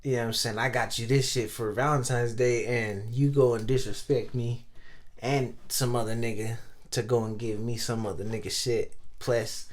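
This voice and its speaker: A man's voice: medium pitch, steady tone, normal speed. A young man on a podcast telling a long story in slangy, profane, rambling chat full of fillers. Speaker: podcast co-host.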